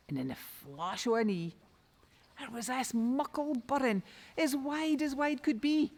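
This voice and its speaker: A woman with a Doric Scots accent telling a traditional folk tale in rich dialect, lilting and expressive. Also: on the high side, takes it slowly. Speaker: storyteller. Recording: long reverb.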